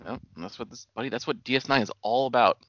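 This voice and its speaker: A man's voice: medium pitch, racing, fairly bright tone, no room sound, dull audio. A man in a casual, profane chat, giving laid-back, terse replies and filling in details. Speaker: podcast co-host.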